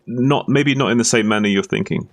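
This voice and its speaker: A man's voice: medium pitch, fairly quick, vocal fry. A man streaming a game, chatting casually with friends and explaining his point at length, often restarting his sentences. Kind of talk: casual chat while gaming.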